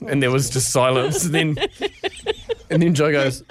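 A man's voice: fairly high pitch, normal speed, pauses often, background noise. A man in his thirties, a podcast co-host telling a funny family story and acting out the voices. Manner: animated, acts out voices in his anecdotes. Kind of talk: casual storytelling chat.

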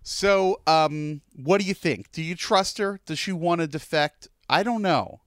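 A man's voice: on the high side, measured pace, a bit bright, no room sound, studio quality. A man co-hosting a podcast, chatting casually and rambling about a TV episode with lots of fillers. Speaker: podcast co-host.

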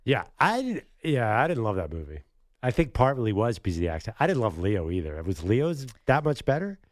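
A man's voice: lowish voice, sing-song, brisk, no echo. Wry man co-hosting a sports show. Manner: wry and dry-humored. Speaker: sports talk show co-host. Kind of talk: casual sports talk.

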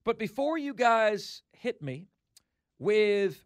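A man's voice: high-pitched, expressive, unhurried, dry recording, studio quality. A man hosting a sports talk radio show, arguing his opinions emphatically, hammering points home through repetition.

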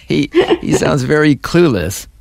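Very low-voiced woman interviewer. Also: vocal fry, a little mellow. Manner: brief affirming responses. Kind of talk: conversational interview.

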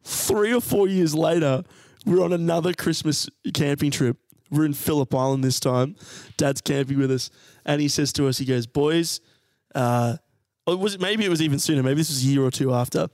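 An Australian man in his twenties telling a funny story on a podcast, animated and laughing as he goes. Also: fairly high pitch, brisk, no echo, clean studio sound. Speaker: podcast co-host. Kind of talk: comic storytelling.

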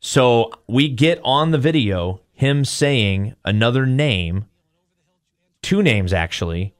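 A man's voice: mid-range voice, slow, no echo, clean studio sound. A male podcast host retells a story casually, acting out quotes as he goes. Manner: animated retelling, acts out quotes.

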